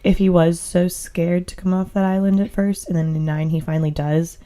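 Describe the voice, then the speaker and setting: A woman's voice: fairly low pitch, little pitch movement, normal speed, mellow. A young woman co-hosting a podcast, chatting casually and meandering with many fillers. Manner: heavy use of "like", meandering. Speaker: podcast co-host.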